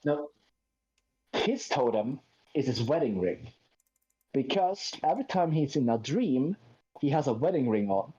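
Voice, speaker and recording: A man's voice: mid-range voice, big pitch swings, measured pace, pauses often, dark tone. A man in a casual chat who explains his point insistently, step by step, recorded on a dull lo-fi mic. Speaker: co-host.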